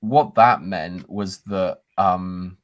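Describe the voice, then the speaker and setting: A man in a casual chat, argumentative and quick to laugh. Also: deep voice, muffled recording.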